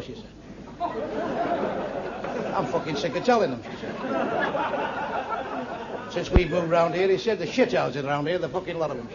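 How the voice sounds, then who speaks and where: This club comic's voice is fairly high and creaky as he delivers blunt, crude stand-up with asides to the audience at a live venue. It's a dull, lo-fi live recording in an echoey room, crowd noise audible.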